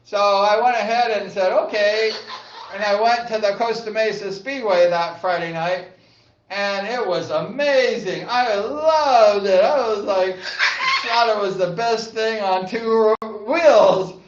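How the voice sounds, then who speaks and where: Older guy with a high voice, rambly and excitable, says like a lot, kinda dull echoey sound. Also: slow pace, distant mic, noisy background. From Southern California. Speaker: vlogger, former speedway rider. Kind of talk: casual reminiscing monologue.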